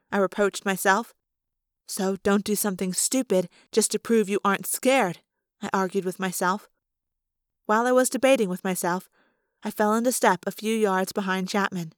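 A woman narrates a first-person novel chapter by chapter, telling the story in a steady, expressive way. Her voice sits at an ordinary middle pitch, and the recording is close and dry with no room sound. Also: dry recording. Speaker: audiobook reader.

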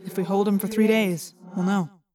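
A woman's voice: mid-range voice, steady tone, normal speed, a crowd in the background, close to an everyday voice. A woman voicing a serious teenage boy who explains in a matter-of-fact way. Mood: explaining. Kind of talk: audiobook character reading.

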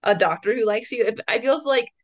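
A woman's voice: on the high side, a little fast, dull audio. A young woman co-hosting a podcast interview, talking casually and filling her speech with "like". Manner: casual, heavy use of "like". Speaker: co-host.

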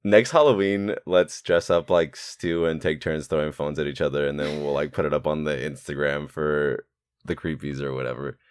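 A man's voice: steady tone, moderate pace, clear, resonant tone, no room sound, studio quality. A young man co-hosting a podcast, chatting casually about a film, swearing freely and acting out lines. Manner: swears freely, acts out characters' lines in a squeaky high voice. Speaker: podcast co-host.

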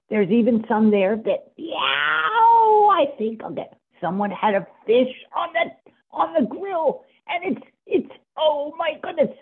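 A food-crazed cat, meowing and bossy, as a woman puts her on, its voice high and creaky, swooping all over. The sound is thin and tinny, like it is coming through a phone line. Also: exaggerated voice. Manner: wheedling and excitable. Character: greedy hungry cat, food-obsessed, bossy.

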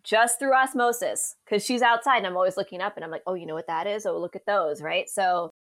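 A woman meteorologist as a podcast guest, telling stories in a casual, animated way and acting out the quoted voices of the people in them. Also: medium pitch, a little fast. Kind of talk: casual storytelling interview.

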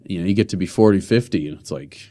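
A young man with a low voice talks casually as a podcast guest in a studio. He keeps circling back with fillers and restarts, loose and unhurried. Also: warm tone. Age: 20s. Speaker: guest comedian and personal trainer.

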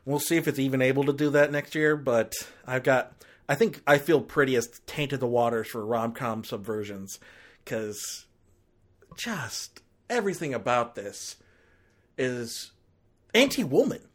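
A movie reviewer tears into a film in an exasperated rant, voice leaping up and down in pitch. The talk is loose and full of fillers and restarts, building into angry outbursts. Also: expressive, unhurried. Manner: ranting, exasperated, escalating into outbursts. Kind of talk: ranked-list movie review commentary.

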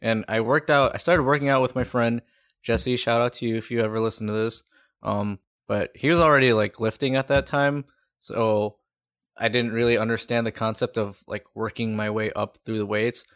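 A man's voice: mid-range voice, fairly even intonation, normal speed, fairly bright tone, clean tone. A young man co-hosting a podcast, rambling and laid-back, swearing casually. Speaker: podcast co-host. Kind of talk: casual chat.

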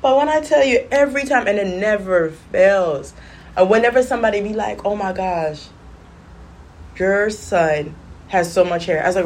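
A woman's voice: medium pitch, normal speed, a little hiss or hum. Sassy woman ranting. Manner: animated, sassy storytelling with patois slips. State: coughing. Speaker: vlogger. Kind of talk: casual smoking-session rant.

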